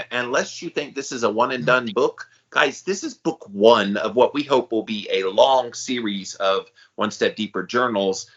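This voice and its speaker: A man's voice: medium pitch, unhurried, a bit bright, breathy edge, muffled recording. Enthusiastic male podcast co-host. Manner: enthusiastic hype-man delivery. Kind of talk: casual podcast chat.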